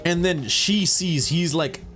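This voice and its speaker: A man's voice: a little high, slow, fairly bright tone, faint music behind. A young man, host of a gaming channel, rambling through a casual story over gameplay, swearing often and saying "bro" and "you know.".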